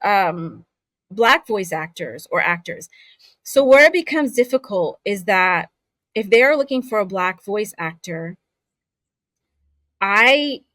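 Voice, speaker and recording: A woman's voice: mid-range voice, no echo. A woman voice actor who grew up in Saudi Arabia talks openly and animatedly. Her voice sits in an ordinary middle range. The sound is close and dry, with no room around it. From raised in Saudi Arabia. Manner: candid, animated storyteller. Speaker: voice actor guest. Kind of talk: casual interview conversation.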